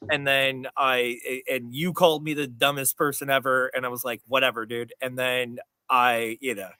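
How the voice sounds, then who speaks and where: Male podcast host, rambling, restarts a lot, bright voice, dry close sound. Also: mid-range voice, level tone, moderate pace, dry recording. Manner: rambling, self-interrupting, laughs often. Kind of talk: casual sports chat.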